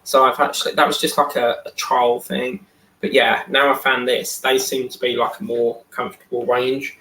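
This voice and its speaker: A man's voice: mid-range voice, little pitch movement, moderate pace, pushed and bright. A man hosting a live stream in casual chat, reading and answering viewer comments aloud. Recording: echoey room.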